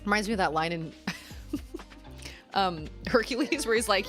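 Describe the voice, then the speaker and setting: A woman in her thirties chatting casually as she streams a video game, chatty and quick to giggle. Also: medium pitch, expressive, a bit bright. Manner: chatty, giggly, talks to chat. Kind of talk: casual gameplay chat. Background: game music.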